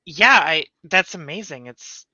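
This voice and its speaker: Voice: medium pitch, animated, unhurried, sharp tone, slightly rough, no echo, dull audio, exaggerated voice. A player voicing a flustered young woman vampire who stammers and trips over her words.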